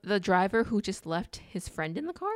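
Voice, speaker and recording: A woman's voice: mid-range voice, normal speed, no room sound, studio quality. A young woman co-hosting a podcast, casually recapping a film scene by scene and slipping into character voices. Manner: animated, acts out characters in put-on voices. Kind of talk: casual chat.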